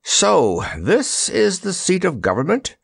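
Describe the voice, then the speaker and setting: A man's voice: sits high, huge pitch swings, gravelly, breathy edge, dry recording, clean studio sound, voice pushed up, exaggerated voice. A man doing a puffing little wizard. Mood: brisk. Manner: puffing, quick exclamations. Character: little male wizard, fussy and excitable.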